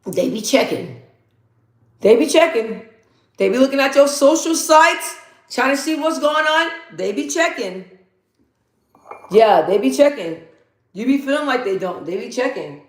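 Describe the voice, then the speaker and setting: A woman's voice: high voice, animated, normal speed. Woman, 30s, livestream host, casual chat, repeats herself for emphasis, reads comments aloud, echoey room. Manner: chatty storytelling, repeats phrases for emphasis. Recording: roomy echo.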